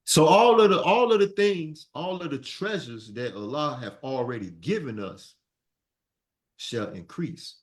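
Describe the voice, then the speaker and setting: A man teaching a Sunday school lesson, preaching in an animated way and repeating phrases for his class to answer. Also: fairly high pitch, a little slow.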